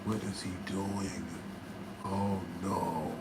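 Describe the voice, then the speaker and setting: A man from Texas telling stories casually to his livestream audience on a phone, dropping to low mutters and then rising into loud, excited bursts. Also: slow, very noisy. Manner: animated, swings between mumbling low and loud excited bursts. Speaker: livestream host.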